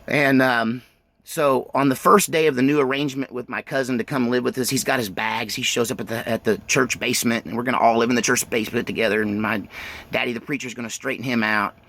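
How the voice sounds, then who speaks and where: A middle-aged man recounts his own life story for a video. He rambles, stops himself and restarts, and fills the gaps with ums. His voice is gravelly and sits at a middle pitch. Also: steady tone, fast talker, a bit bright. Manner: rambling, self-interrupting, with frequent fillers and restarts. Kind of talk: autobiographical storytelling.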